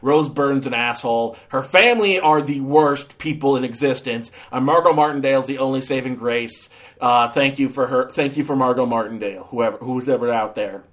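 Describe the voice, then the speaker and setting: A man's voice: medium pitch, a bit bright. A man giving a casual, ranting movie review, sarcastic, with many fillers and restarts.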